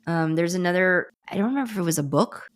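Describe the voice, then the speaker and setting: A woman's voice: fairly low pitch, quick pace, clear, resonant tone. A woman hosting a horror podcast, talking casually in a rambling way with restarts and laughs. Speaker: podcast host. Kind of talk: casual chat.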